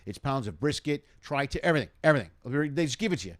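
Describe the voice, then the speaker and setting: A man's voice: mid-range voice, very animated, racing, fairly bright tone, no echo, studio quality. A man in his forties hosting a casual live stream, rambling with hype-man energy and lots of fillers. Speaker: show host.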